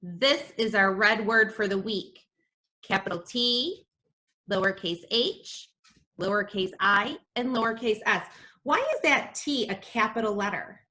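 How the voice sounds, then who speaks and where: A woman teacher giving a reading lesson to young children, sounding out letters slowly and gasping in delight. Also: medium pitch, pushed and bright. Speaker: kindergarten teacher.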